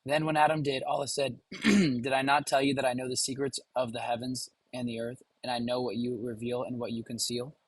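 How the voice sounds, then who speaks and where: A man's voice: medium pitch, level tone, a little fast, husky, dry recording, rough recording. A man hosting a live watch party, reading a passage aloud with casual asides to viewers. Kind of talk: live stream commentary.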